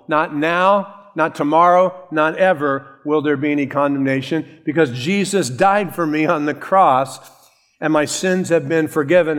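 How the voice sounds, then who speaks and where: Guy pastor giving a sermon, kinda high voice, drags out the big phrases. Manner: measured, emphatic preaching with slow drawn-out key phrases.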